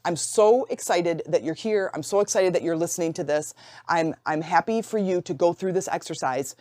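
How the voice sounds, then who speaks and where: A woman's voice: lowish voice, normal speed, mellow, no room sound, clean studio sound. A woman hosting her own podcast, coaching listeners in a casual, playful way and acting out quoted inner voices. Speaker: podcast host and life coach. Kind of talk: casual solo podcast teaching. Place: home office.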